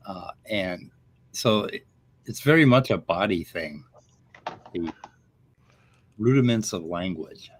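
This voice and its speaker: A man's voice: low voice, takes it slowly, long pauses, slight background noise. A man co-hosting a casual chat show, rambling and a bit profane as he tells stories. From Minnesota, USA. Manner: rambling, profane, animated storytelling. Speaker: podcast co-host.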